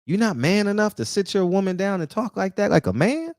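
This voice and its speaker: Fired-up man preaching with lively pitch. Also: brisk, dry recording, studio quality. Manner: preachy, confrontational, repeats rhetorical questions. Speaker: barbershop talk show host. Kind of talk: heated casual monologue.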